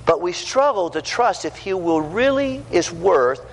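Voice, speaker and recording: A middle-aged man preaching a sermon to young people, earnest and storytelling, swinging from loud to hushed. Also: high-pitched, sing-song, a little slow, creaky. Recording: long hall reverb, faint background noise.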